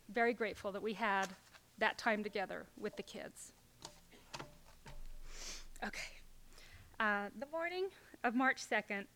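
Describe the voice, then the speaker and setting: Brief: middle-aged woman, plain mid-pitched voice, halting personal storytelling, slips into near whispers. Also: a bit bright. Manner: halting, with fillers and restarts, dropping at times to a near whisper. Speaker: speaker telling a personal story.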